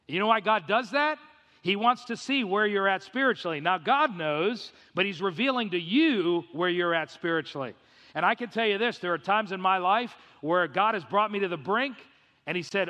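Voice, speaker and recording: A man's voice: high voice, animated, moderate pace, pushed and bright. A man preaching an expository sermon with emphatic delivery and rhetorical questions. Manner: emphatic, rhetorical questions, acts out quoted voices. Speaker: pastor. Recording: reverberant hall.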